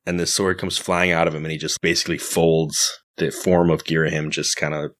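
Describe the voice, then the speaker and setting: A man co-hosting a podcast, recapping a game story in a relaxed, rambling way. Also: rumbling low, fairly quick. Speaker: podcast co-host. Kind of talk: casual chat, recapping story.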